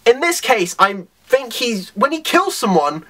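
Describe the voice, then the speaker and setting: Animated man rambling through a comic review. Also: very high-pitched, unhurried. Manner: rambling, animated, acts out characters' lines. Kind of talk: casual video review.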